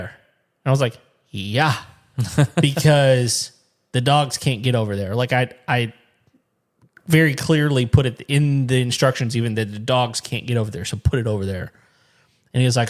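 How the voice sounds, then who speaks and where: Man, podcast co-host, animated storyteller, mid-pitched voice, casual. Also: moderate pace. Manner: animated storyteller, acts out both sides of a phone call; laughs often while telling stories. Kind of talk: casual chat.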